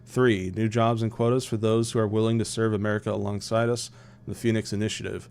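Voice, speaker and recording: A man reading out a male political leader's solemn speech to the nation in his own lowish voice. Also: flat delivery, fast, darkish tone, clear, resonant tone, lightly acted. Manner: solemn, declamatory.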